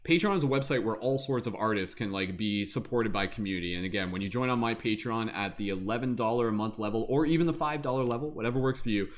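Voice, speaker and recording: A man hosting a tarot livestream in a casual chat, upbeat and quick, often dropping "like" into his speech. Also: on the low side. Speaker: tarot reader and livestream host.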